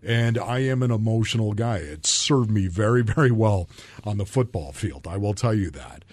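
Deep husky emotional man. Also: expressive, normal speed, darkish tone, no echo. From Buffalo, New York. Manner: openly emotional, earnest. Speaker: podcast guest, former football player. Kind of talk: candid personal storytelling.

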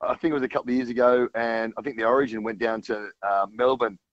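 A man's voice: mid-range voice, steady tone, fast talker, no echo, dull audio. A man talking rugby as a guest on a sports radio show, rambling with many restarts. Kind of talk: casual radio chat.

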